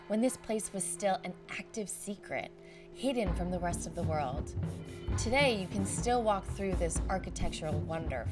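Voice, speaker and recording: A woman podcast host narrating a travel story in a reflective, vivid scripted style. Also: lowish voice.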